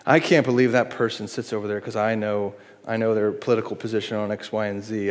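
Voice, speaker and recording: Earnest middle-aged pastor in a reverberant hall. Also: male voice, mid-range voice, brisk, few pauses. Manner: earnest, pleading, shifts between hushed appeals and lively acted-out asides. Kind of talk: sermon. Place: church sanctuary. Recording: long reverb in a large hall.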